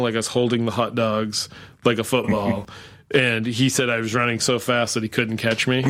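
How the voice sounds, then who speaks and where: A man's voice: medium pitch, a bit bright. A man hosting a casual podcast chat, rambling through a story with lots of restarts and chuckling as he goes. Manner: rambling, full of fillers and restarts, laughs while telling. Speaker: podcast host.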